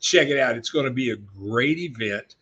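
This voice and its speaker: A middle-aged man hosting a casual live show from his workshop, talking at a medium pitch. He rambles with lots of fillers and restarts and sounds a little choked up from coughing. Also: animated, normal speed, a bit bright, slightly rough, lo-fi sound. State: coughing spells. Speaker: show host. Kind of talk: casual live-stream chat.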